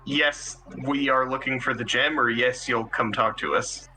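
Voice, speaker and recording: A man at a live tabletop game talks for his character in a polite, hesitant way, full of ums. His voice is very bright and forward. Faint music plays behind him. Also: mid-range voice, steady tone, measured pace, rough recording. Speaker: player.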